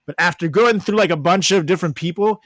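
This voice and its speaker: A man's voice: high voice, fast, a bit bright, dry recording. A man co-hosting a podcast in casual chat, crude and laughing as he tells stories. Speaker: podcast co-host.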